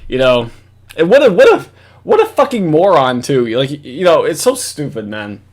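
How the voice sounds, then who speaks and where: A man's voice: on the high side, big pitch swings, moderate pace. A man giving casual, rambling reaction commentary at his computer, swearing often and breaking into laughs.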